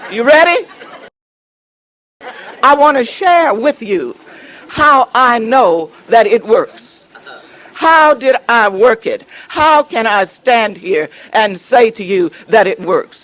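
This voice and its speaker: A woman's voice: on the high side, rough recording. A woman pastor from the southern United States preaching a sermon, telling a story with humor and teasing her congregation.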